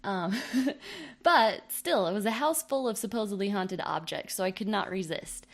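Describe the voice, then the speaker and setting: A woman's voice: mid-range voice, animated, moderate pace. A woman hosting a comedic podcast, reading listener mail in a playful, jokey, self-mocking way. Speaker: podcast host.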